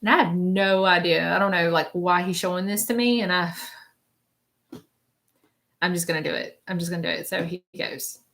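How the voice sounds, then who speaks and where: Woman doing a psychic reading live, bright voice, repeats stuff, says okay a lot. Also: lowish voice, fairly even intonation, moderate pace, vocal fry, long pauses. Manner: chatty, repeats phrases, relays messages as quotes; reassuring, keeps checking in with "okay?". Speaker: spiritual medium hosting a live stream.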